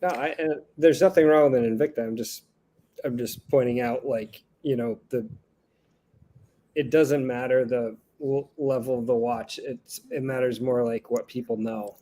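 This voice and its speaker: A man's voice: mid-range voice, fairly even intonation, normal speed, warm tone. A man in a casual chat who explains his point with many restarts and fillers.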